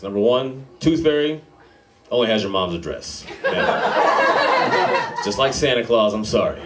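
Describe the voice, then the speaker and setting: A man in his thirties doing a stand-up comedy set in a club, with a laid-back, slangy delivery and deadpan dark jokes. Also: mid-range voice, moderate pace. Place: comedy club with a live audience. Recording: heavy noise behind a live club set.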